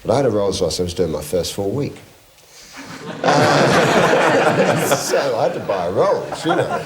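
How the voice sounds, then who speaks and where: A man's voice: mid-range voice, measured pace, very noisy. A middle-aged man, a guest singer telling anecdotes on a chat show, often laughing. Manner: lively storyteller, laughing often.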